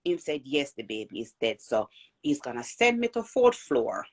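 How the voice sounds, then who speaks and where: A woman with a Jamaican accent telling a personal birth story in an animated way, acting out the voices of people she quotes. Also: rumbling low, normal speed. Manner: animated, acts out quoted voices, repeats and restarts.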